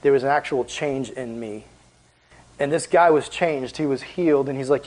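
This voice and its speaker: A man preaching as a youth pastor in a casual, animated, conversational way, with lots of filler words. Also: medium pitch, normal speed, rough recording. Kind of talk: casual sermon.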